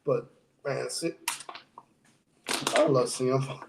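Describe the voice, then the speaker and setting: A man co-hosting a wrestling podcast, animated and quick to laugh, acting out what others say. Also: medium pitch, gravelly, crowd noise. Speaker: podcast co-host. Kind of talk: casual wrestling chat. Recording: roomy echo.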